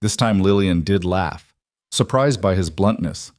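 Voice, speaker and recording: A man calmly narrating a romance story in an even storytelling manner. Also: sits low, measured pace, no echo, clean studio sound. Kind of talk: scripted narration.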